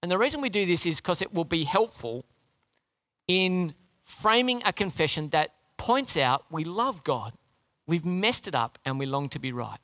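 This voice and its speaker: A man's voice: on the high side, sing-song, moderate pace, a bit bright, no echo. A man preaching a sermon, emphatic and asking the congregation rhetorical questions. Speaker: pastor.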